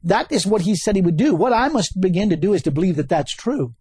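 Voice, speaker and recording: A man preaching a sermon, animated and chuckling often, repeating key words and rising to sudden high exclamations. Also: quick pace, a little hiss or hum.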